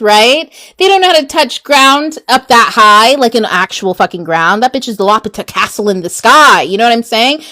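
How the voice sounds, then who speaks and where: Woman host rambling through a lesson, swears a lot, laughs, kinda high voice. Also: lively intonation, moderate pace, few pauses, bright, forceful tone. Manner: chatty, swears freely, laughs, rambling asides. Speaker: host, author and mindset coach. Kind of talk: casual spoken teaching.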